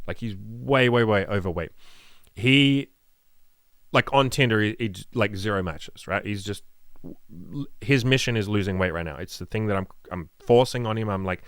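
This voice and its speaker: A dating coach talks to camera in a blunt, profane, rambling way, peppering his points with "like". His voice sits a little low. The sound is dry, with no room echo. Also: fairly quick, fairly bright tone. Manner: frank, matter-of-fact delivery. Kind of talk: casual advice monologue.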